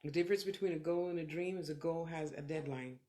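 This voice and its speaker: A woman's voice: sits low, fast, dark tone. A middle-aged woman, a clairvoyant medium on a live stream, talking candidly and swearing freely in short reflective bursts while answering viewers. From California. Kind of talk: live-streamed motivational talk and readings.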